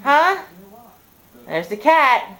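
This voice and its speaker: A woman's voice: sits high, sing-song, very slow, sharp tone, low-quality recording. A woman using playful, teasing baby talk toward a pet at home. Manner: playful teasing sing-song.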